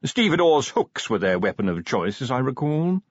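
A man's voice: medium pitch, big pitch swings, moderate pace, husky, no echo, voice pushed up. Prim polite butler guy, a man doing the voice, storybook reading, dry dull sound. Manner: formal, deferential, polite. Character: prim, smooth-spoken male butler, middle-aged.

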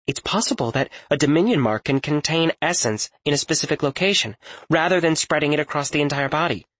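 A man's voice: fairly high pitch, brisk, fairly bright tone, no echo, voice pushed up. A man voicing a thoughtful young woman scholar in an audiobook, reasoning through a puzzle carefully. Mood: analytical. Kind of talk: audiobook character voice.

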